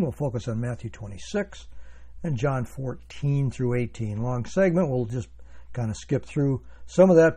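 Pastor guy giving a sermon, kinda husky and warm, reads verses with real emphasis. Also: medium pitch. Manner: earnest, emphatic scripture reading. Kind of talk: sermon, Bible teaching.

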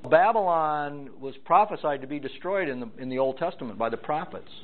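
A man preaching and teaching through scripture verse by verse, his voice sitting a little higher than most men's. He hits each word in a list with its own stress, rising and falling as he goes. The sound is thin and tinny, like a phone line. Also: lively intonation, brisk. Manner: emphatic, lists items with rising and falling stress. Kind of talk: verse-by-verse Bible teaching sermon.

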